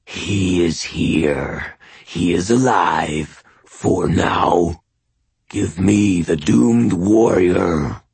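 A man voicing a menacing inhuman skinwalker that purrs and snarls slowly, heard over a phone. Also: sits low, creaky, a little mellow, husky, dry recording, full character voice. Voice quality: purring, slow, seething. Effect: heard over a phone line.

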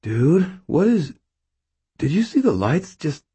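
A man voicing a stoned young male store cashier who turns terrified, yelping and pleading in a high voice. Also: wildly swooping pitch, extremely slow, husky, heavily acted. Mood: dazed. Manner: panicky, pleading, high-pitched yelps.

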